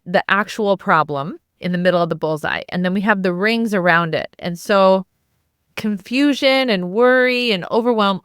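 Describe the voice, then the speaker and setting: A woman's voice: medium pitch, a bit bright, smooth, dry recording, studio quality. A woman hosting a self-help podcast as a life coach, talking in a conversational way with lots of restarts and fillers.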